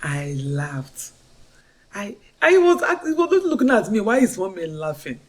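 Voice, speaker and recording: A woman's voice: medium pitch, big pitch swings, a little slow. A middle-aged Nigerian woman telling her life story as a fervent faith testimony, repeating phrases with emphatic swings. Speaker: storyteller sharing a personal testimony.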